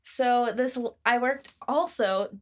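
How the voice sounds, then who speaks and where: A woman's voice: on the high side, slow. A young woman co-hosting a podcast, casually telling a work story in a chatty, exasperated way with bursts of laughter. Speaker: podcast co-host.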